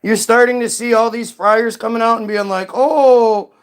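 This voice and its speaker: A man's voice: very high-pitched, level tone, a little fast, a bit bright, clear, resonant tone. Give me a man ranting heatedly in his own commentary video, swearing and asking rhetorical questions. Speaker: commentary host.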